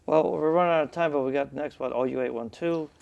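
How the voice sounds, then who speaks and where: Male host, quick and gravelly, loose joking interviewer. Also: a little high, darkish tone, dull audio. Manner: joking, rambling questions. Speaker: show host. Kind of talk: casual interview chat.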